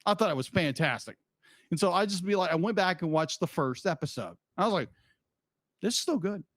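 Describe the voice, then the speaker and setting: A man co-hosting a podcast, talking loosely and restarting his sentences as he goes. His voice sits on the higher side. The sound is dry and close, with no room around it. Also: expressive, fairly quick, fairly bright tone, no echo. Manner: rambling, with frequent restarts and laughs. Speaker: podcast co-host. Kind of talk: casual chat.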